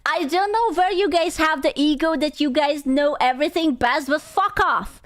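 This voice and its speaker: A woman's voice: high voice, normal speed. A young woman streamer in casual chat, blunt and profane as she rants to her viewers.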